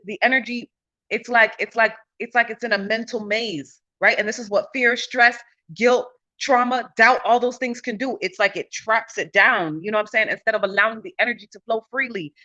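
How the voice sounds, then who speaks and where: A woman in casual spiritual storytelling, animated and slangy, swearing freely. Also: a little high, dull audio.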